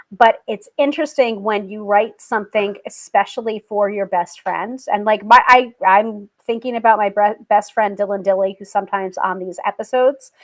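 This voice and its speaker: A young American woman hosting a casual livestream, rambling and chatty with many fillers and frequent laughter as she reads viewer comments. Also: mid-range voice. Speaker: livestream host.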